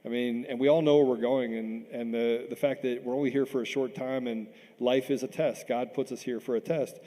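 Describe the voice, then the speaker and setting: A middle-aged man from Washington, D.C. gives an impassioned talk as a panel guest. His voice is dark and mellow, and he doubles words when he is stirred. A long reverb from a large hall trails behind him. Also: mid-range voice, fairly even intonation, fairly quick.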